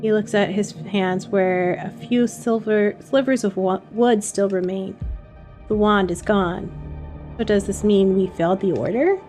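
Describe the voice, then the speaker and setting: A woman's voice: mid-range voice, measured pace, faint music behind. A woman hosting a let's play, reading a narrative game aloud and reacting with casual asides. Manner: lively, laughs and reacts to the text.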